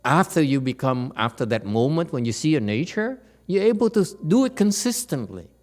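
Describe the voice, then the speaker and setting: A man leads a dharma lecture in a temple hall. His voice sits a little high, and his delivery is animated and teasing, often asking the room whether the point is clear. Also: moderate pace. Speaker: Buddhist teacher.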